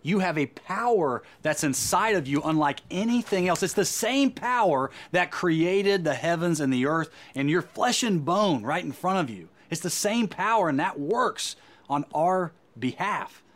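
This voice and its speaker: A man's voice: fairly high pitch, lively intonation, unhurried, a bit bright. Earnest, emphatic male preacher. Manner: earnest and emphatic, with frequent repeated words. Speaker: Christian speaker. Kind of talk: sermon.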